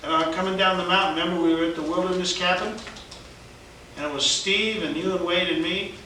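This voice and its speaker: A man telling his testimony as an evangelist, in an animated storytelling way, laughing often and acting out other people's lines. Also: high-pitched, a little fast, a little hiss or hum. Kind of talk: storytelling conversation. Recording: very echoey room, mic at a distance.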